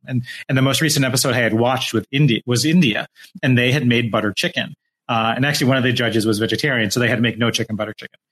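A man co-hosting a casual chat, telling stories in a rambling, halting way. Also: medium pitch, fairly bright tone. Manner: rambling, halting, full of restarts. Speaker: podcast co-host.

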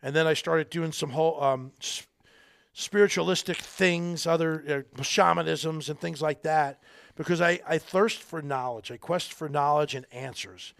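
Gravelly-voiced middle-aged man, earnest. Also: a little high, normal speed, a bit bright, no room sound. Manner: earnest, rambling, folksy. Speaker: podcast guest, army veteran. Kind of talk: casual interview talk.

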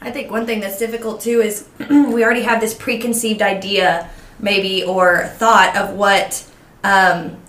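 A woman's voice: mid-range voice, little pitch movement, unhurried, fairly bright tone. Hesitant woman in an echoey room. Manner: hesitant, many fillers like um and like. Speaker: podcast co-host. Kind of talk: faith-based casual chat. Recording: roomy echo.

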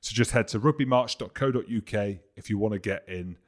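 A man co-hosting a rugby podcast, playful and teasing in casual chat, who also reads out a charity shout-out. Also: lowish voice, a little fast. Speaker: podcast co-host, former player.

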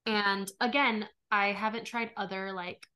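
A woman's voice: mid-range voice, fairly even intonation, unhurried, bright, forceful tone. A young woman co-hosting a podcast in casual chat, talkative and giggly, full of "like" and "um". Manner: chatty, giggly, fillers like "like" and "um". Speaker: podcast co-host.

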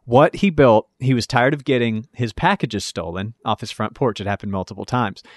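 A man's voice: mid-range voice, normal speed, no echo. Man telling a story with enthusiasm. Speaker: podcast co-host. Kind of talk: casual chat, storytelling.

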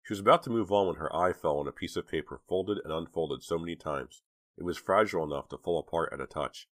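Low male narrator, measured horror-thriller read, dry booth sound. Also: a bit bright, dry recording. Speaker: audiobook narrator. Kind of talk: scripted narration.

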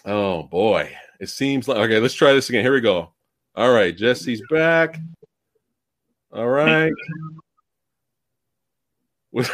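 A man in his forties hosting a casual livestream, talking to chat and laughing often, on a headset mic. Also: medium pitch. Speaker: host. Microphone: headphones or earbuds mic.

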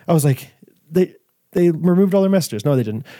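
Laughing, animated male storyteller. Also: on the high side, a little fast, dry recording, clean studio sound. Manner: animated storyteller, laughs often, acts out quotes. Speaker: podcast co-host. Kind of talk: casual chat.

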